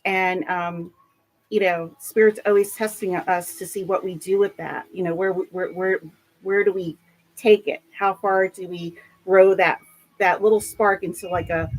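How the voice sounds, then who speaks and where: A woman on a live reading, sharing spiritual impressions in a halting, searching way with many fillers. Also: on the low side, fairly even intonation, poor audio. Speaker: guest intuitive reader.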